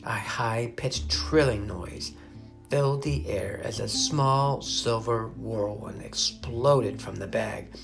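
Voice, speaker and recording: A man reading a children's adventure chapter aloud, expressive and dramatic. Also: fairly low pitch, slow, creaky, over music. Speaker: narrator. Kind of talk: storybook reading.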